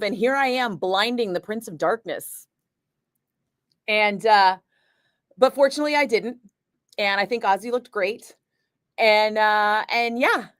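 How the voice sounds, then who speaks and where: A middle-aged woman, a radio host, telling a story in a chatty, animated way and laughing often. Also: medium pitch, dry recording, clean studio sound. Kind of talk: casual storytelling chat.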